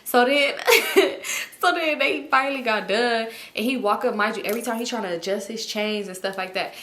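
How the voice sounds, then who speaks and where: A woman's voice: a little high, moderate pace, echoey room. A woman vlogger telling a storytime in casual, slangy talk with lots of laughing. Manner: animated, slangy, laughs often.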